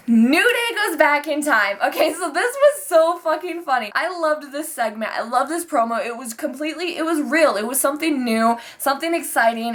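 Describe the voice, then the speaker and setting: A young woman giving a casual, profane, animated vlog recap of a wrestling show, full of fillers and outbursts. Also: fairly high pitch. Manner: profane, animated, excitable, fast-talking with many fillers.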